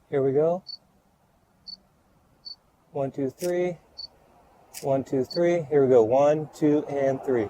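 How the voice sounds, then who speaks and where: A man's voice: on the high side, slow pace, pauses often, darkish tone, a little hiss or hum, low-quality recording. A man photographing a model outdoors, out of breath, counting off shots and giving short directions. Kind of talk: on-location shoot commentary. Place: outdoors by a street.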